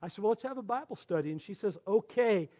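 A man in his sixties, a church elder, telling conversion stories in a folksy, animated sermon. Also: high-pitched, fast, highs cut off. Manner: animated, folksy storytelling with quoted dialogue. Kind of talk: storytelling sermon.

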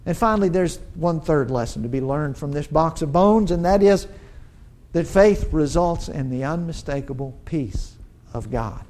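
A man preaching a sermon, pausing for emphasis and building to urgent, rising lines, often restarting and repeating words as he works toward a point. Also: fairly high pitch, expressive, a little mellow. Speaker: pastor.

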